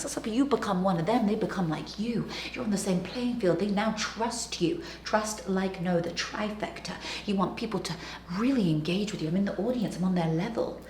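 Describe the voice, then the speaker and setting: A woman coaching viewers on public speaking, speaking directly to them and swinging between loud emphasis and hushed whispers. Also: mid-range voice. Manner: energetic, direct address to the viewer. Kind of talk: motivational teaching monologue. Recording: echoey room with faint background noise.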